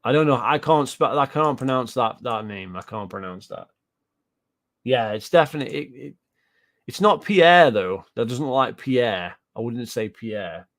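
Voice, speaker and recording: Profane British man ranting about games. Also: fairly low pitch. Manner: ranting, profane, repeats himself, answers live chat. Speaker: gaming commentator. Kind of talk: casual reaction commentary.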